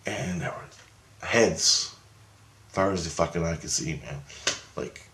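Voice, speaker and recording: Man, gravelly voice, excitable and rambling, swears freely; echoey room sound. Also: low-pitched, takes it slowly. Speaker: storyteller. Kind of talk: casual anecdote.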